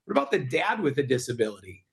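A man's voice: medium pitch, big pitch swings, fast talker, creaky. A middle-aged man, a guest on a talk show, explaining his project in an earnest and persuasive way. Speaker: guest, park project founder. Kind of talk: interview answers.

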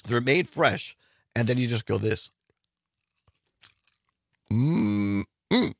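A man's voice: medium pitch, normal speed, gravelly, fairly bright tone, no room sound. A middle-aged man from Wisconsin, hosting a talk radio and streaming show in a studio, chatting enthusiastically and rambling with restarts.

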